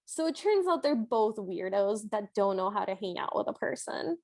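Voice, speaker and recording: A woman's voice: mid-range voice, lively intonation, normal speed, darkish tone. A woman co-hosting a podcast, recapping a film in a casual, chatty way with lots of filler words. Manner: chatty, filler-heavy storytelling with frequent "like". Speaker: podcast co-host.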